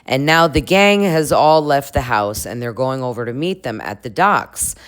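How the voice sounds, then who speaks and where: A woman's voice: a bass voice, lively intonation, normal speed, clean tone. A woman vlogger recapping a reality show in a casual, chatty way. She laughs often, swears casually and talks straight to her viewers.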